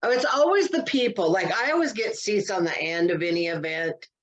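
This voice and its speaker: A woman's voice: mid-range voice, lively intonation, fairly quick, lo-fi sound. A woman co-hosting a podcast, chatting casually and exclaiming as she reacts. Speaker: podcast co-host. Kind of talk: casual chat.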